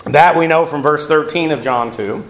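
A man's voice: on the high side, moderate pace, fairly bright tone, a little hiss or hum. A man giving a verse-by-verse Bible teaching, talking in a discursive way with many restarts and asides. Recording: roomy echo.

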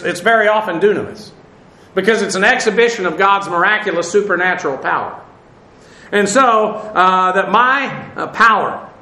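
High, bright-voiced man teaching Bible Greek. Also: reverberant, poor audio. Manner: relaxed, spells out Greek words letter by letter, many fillers; chuckles at his own jokes. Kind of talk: verse-by-verse Greek Bible study.

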